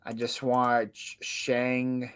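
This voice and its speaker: A man's voice: mid-range voice, monotone, very slow, a bit bright, clear, resonant tone. A man co-hosting a live stream, chatting casually and teasing the viewers in the chat.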